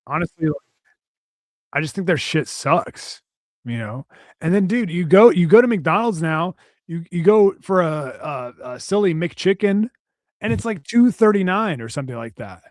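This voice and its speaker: A man's voice: a little high, expressive, normal speed, no echo, studio quality. A man co-hosting a casual podcast, ranting and cursing with lots of restarts. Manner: profane, ranting, rambling with restarts. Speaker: podcast co-host.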